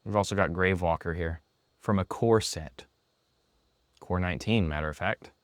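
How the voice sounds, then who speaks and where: Excited man demoing a scanning app. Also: deep voice, moderate pace, no echo. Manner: excited, playfully sarcastic. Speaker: app presenter. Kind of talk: product demo. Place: room with lights, indoors.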